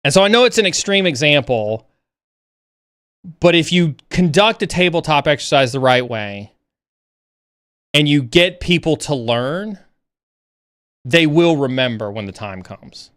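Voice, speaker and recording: Male stream host with a crisp, raised voice and a dry sound, who tells stories animatedly and often stops to restart. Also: dry recording. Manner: animated, rising pitch when excited; halting with frequent restarts. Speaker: livestream host. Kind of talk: casual storytelling.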